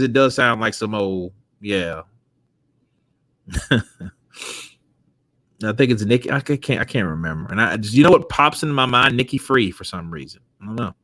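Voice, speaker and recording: Animated laughing man hosting. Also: on the low side, normal speed, pauses often, no room sound. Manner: animated, laughs often, swears freely. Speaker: host. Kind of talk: casual chat.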